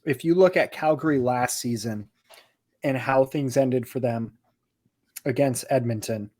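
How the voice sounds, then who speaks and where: A man co-hosting a podcast, giving steady, analytical hockey talk with frequent "you know"s. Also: mid-range voice, a little slow. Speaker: podcast co-host. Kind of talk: casual hockey chat.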